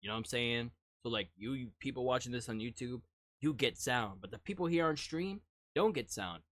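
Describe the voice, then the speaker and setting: A man casually talking through a live-stream reaction, teasing his viewers, laughing and jumping suddenly from quiet to loud. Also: mid-range voice, a little fast, no echo, studio quality. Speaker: streamer reacting to music videos.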